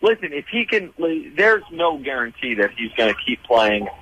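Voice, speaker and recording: A man's voice: mid-range voice, big pitch swings, moderate pace, fairly bright tone, slightly rough, lo-fi sound. A man hosting a casual sports radio talk show, arguing and telling stories. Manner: argumentative, storytelling. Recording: radio studio mic.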